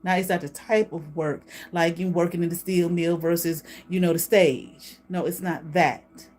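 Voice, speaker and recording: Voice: medium pitch, steady tone, moderate pace, darkish tone. Emphatic casual tarot reader. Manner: emphatic, repeats "okay?" as a tag, blunt with casual swearing. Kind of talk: casual spoken tarot reading.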